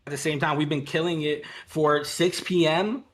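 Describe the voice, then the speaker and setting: High-voiced man, profane stream banter. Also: steady tone, moderate pace, a little hiss or hum. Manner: profane, heated venting. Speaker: streamer co-host. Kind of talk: casual group stream chat.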